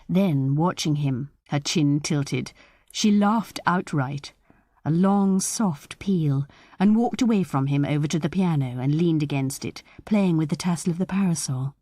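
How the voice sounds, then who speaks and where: A woman with a fairly low voice reads a short story aloud. Her storytelling is measured and expressive. The recording is close and dry, with no room sound. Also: no room sound. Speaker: audiobook narrator. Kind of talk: scripted audiobook narration.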